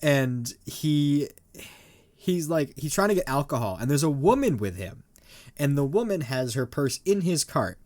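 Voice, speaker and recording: A young man co-hosting a podcast, telling a store customer story in excitable casual chat, laughing often. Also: a little high, measured pace. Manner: excitable, laughing, full of "like" fillers. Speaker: podcast co-host.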